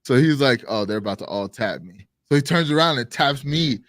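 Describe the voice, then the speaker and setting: Male co-host, mid-pitch, lively raconteur who swears and shouts out quoted lines, dry studio sound. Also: brisk, dry recording. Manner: animated, swears a lot, acts out quotes loudly. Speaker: podcast co-host. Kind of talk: casual storytelling chat.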